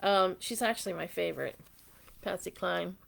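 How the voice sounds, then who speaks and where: A middle-aged woman with a slightly hoarse voice, hosting a live jewelry sale, chatting casually and reading viewer comments. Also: fairly low pitch, expressive, moderate pace. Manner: chatty and sentimental, reads viewer comments aloud. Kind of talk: casual live-stream chat.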